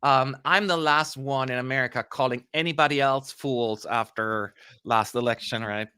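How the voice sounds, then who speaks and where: Bright, chatty man hosting a live stream. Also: medium pitch, normal speed, clear, resonant tone, no echo. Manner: chatty, self-mocking, reads viewer questions aloud; dry and sarcastic. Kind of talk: casual live-stream commentary.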